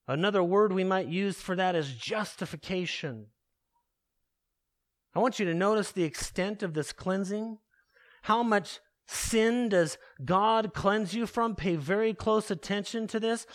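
A man preaching a sermon, emphatic, asking the congregation rhetorical questions and slowing down to stress key words. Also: sits high. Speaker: pastor.

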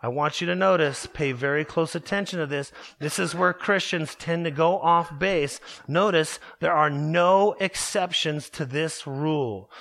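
A man's voice: a little high, a bit bright. A man preaching an earnest, emphatic expository sermon, explaining the grammar of a verse to his congregation. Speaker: pastor.

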